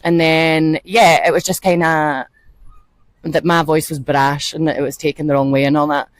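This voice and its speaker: A Scottish actor, a woman, talking in an animated, expressive way as a guest in a casual interview. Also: low voice, moderate pace, dry recording. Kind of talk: casual chat.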